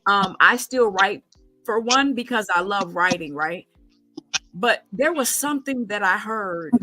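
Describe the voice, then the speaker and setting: A woman's voice: mid-range voice, expressive, a little slow, pushed and bright, faint music behind, rough recording. A middle-aged woman hosting a casual conversational show, talking emphatically with rhetorical questions and frequent ums and restarts. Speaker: podcast host.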